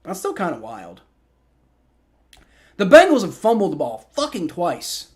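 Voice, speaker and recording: A man hosting a live play-by-play reaction stream, excitable and swearing loudly at bad plays while chatting with his viewers. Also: high voice, a little slow. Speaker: livestream host.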